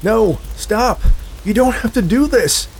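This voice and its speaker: A man's voice: fairly high pitch, very animated, moderate pace, gravelly, slight background noise, pitched above the performer's own voice. A man voicing an escaped male convict who is desperate and demanding. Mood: pleading. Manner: demanding, rising to shouts.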